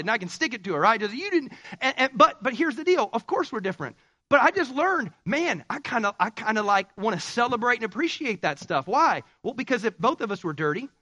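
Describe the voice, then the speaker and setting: A male pastor preaching a sermon in an animated way, acting out quoted spouses. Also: extremely high pitch, no room sound.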